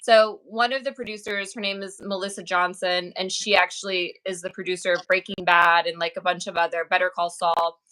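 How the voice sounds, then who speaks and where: Bright-voiced chatty woman actress. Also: lowish voice, little pitch movement, fairly quick, few pauses, poor audio. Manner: chatty, upbeat storytelling with many fillers. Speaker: actress and author, guest. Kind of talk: casual interview chat.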